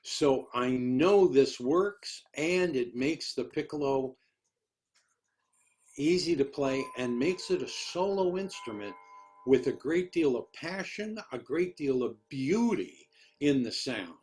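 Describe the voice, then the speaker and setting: Older man, retired orchestral musician, slow delivery, rambling storyteller, repeats words as he searches for them. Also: mid-range voice, animated, a little mellow. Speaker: interviewee, retired orchestral piccolo player. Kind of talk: conversational storytelling in a discussion.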